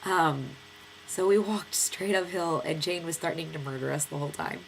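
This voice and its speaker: A young American woman in her twenties tells a long story in a rambling vlog, stuffy-nosed from a cold. Her voice sits fairly low and has a gravelly, fry-laden edge. There is a faint hiss of noise under her voice. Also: normal speed. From United States. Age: 20s. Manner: chatty, lively storytelling with many fillers and acted quotes. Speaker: vlogger.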